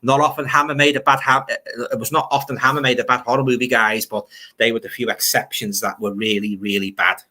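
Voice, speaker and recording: An older man with a Liverpool accent hosts a casual livestream, reading viewer comments aloud, grumbling and rambling about films. His voice sits mid-range with fairly even intonation, a little fast, bright and forceful in tone.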